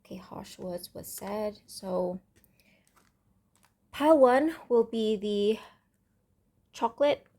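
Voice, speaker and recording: A woman giving a casual, rambling tarot reading to camera, thinking aloud with many pauses and ums. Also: mid-range voice, lively intonation, mellow. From Indonesia. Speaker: tarot reader. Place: home room with construction noise next door.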